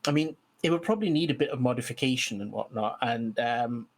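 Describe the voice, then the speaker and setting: A man's voice: mid-range voice, a little fast, slight background noise. A man co-hosting a podcast in casual chat about tabletop games, talking hesitantly with many restarts. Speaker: podcast co-host.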